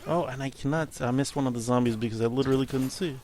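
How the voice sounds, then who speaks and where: A man talks through his gameplay in a loose, rambling way, amused at his own slips. His voice sits at an ordinary middle pitch. There is a faint hiss under the recording. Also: fairly even intonation, quick pace, darkish tone. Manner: rambling, self-amused, thinking aloud. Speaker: gameplay commentator. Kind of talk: casual let's-play commentary.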